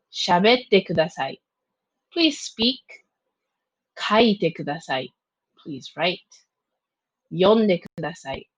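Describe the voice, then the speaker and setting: A woman teacher giving a slow, clear recorded vocabulary review, pausing between each word and its translation. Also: medium pitch, dry recording. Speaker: Japanese teacher. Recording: dull, muffled lo-fi sound.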